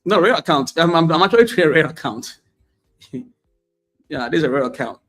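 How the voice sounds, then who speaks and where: A man talks through his live trades in a casual, chatty way, laughing often and repeating himself as prices move. His voice sits a little high for a man. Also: very animated, fairly quick, a bit bright. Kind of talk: live trading commentary, casual.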